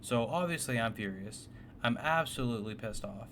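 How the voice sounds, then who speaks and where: A man's voice: medium pitch, lively intonation, normal speed, fairly bright tone. A man casually narrating a personal story, blunt and swearing often, with a faintly noisy background. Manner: blunt, profane, exasperated.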